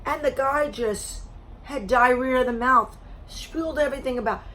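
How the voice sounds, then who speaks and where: A woman vlogger telling a story to camera in a blunt, animated way, swearing freely, her voice a little strained as she loses it. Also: high voice, normal speed. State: losing her voice.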